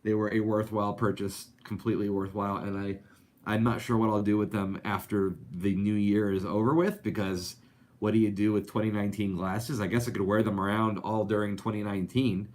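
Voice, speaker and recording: A man's voice: fairly low pitch, steady tone, a little fast, a little mellow. A man hosting a live animation talk show, chatting casually and reading out viewer comments with lots of fillers. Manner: chatty, upbeat, rambling with many fillers.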